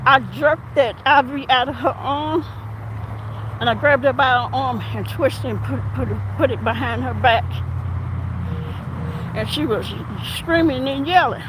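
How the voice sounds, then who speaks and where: High-voiced woman telling a story outdoors. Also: measured pace, background noise. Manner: animated, acts out quoted exchanges. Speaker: police officer. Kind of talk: casual storytelling while walking. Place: outdoors on an urban street.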